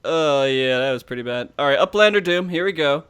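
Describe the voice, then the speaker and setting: A man hosting a podcast, giving casual, animated play-by-play commentary over gameplay footage, laughing and swearing as he goes. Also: a little high, brisk, clear, resonant tone. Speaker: podcast host.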